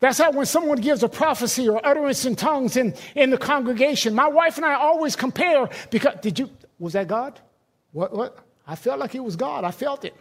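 A man's voice: very high voice, a little fast. A middle-aged man, a pastor, preaching a sermon in a conversational, emphatic way with personal stories.

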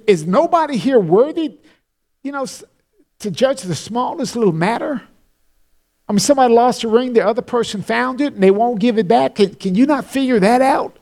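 A man's voice: very high-pitched, a little mellow. A pastor giving an expository Bible teaching in an earnest, explanatory way, often repeating words as he thinks.

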